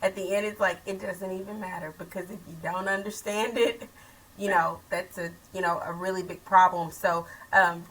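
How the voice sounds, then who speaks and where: A woman's voice: on the low side, fairly bright tone, distant mic, low-quality recording. A woman hosting a casual school talk show for parents, chatty with many asides. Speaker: host.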